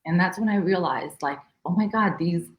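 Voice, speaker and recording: A woman speaking as an interview guest, telling a personal story in an animated, emotional way and acting out exclamations. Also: lowish voice, moderate pace, dull audio. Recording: roomy echo.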